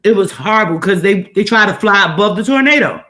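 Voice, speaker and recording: An animated woman tells a story in casual chat. Her voice is bright and forceful, and she leans hard on repeated phrases to drive each point home. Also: mid-range voice, fast. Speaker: host.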